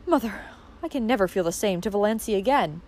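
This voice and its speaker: A woman's voice: mid-range voice, lively intonation, fast, darkish tone, natural voice. A woman reading an audiobook voices a prim young woman who complains indignantly to her mother. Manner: indignant and aggrieved. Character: prim, offended young woman telling tales.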